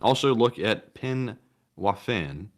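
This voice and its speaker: A man co-hosting a live stream who reads out viewer donations and messages in a steady, routine way. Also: fairly low pitch, takes it slowly. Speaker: co-host reading viewer donations. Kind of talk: reading out super chats.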